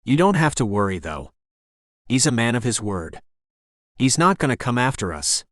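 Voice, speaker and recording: A man's voice: medium pitch, big pitch swings, moderate pace, a bit bright, no room sound, studio quality. A man voicing a frightened, battered young man who pleads vulnerably in an audiobook. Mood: pleading.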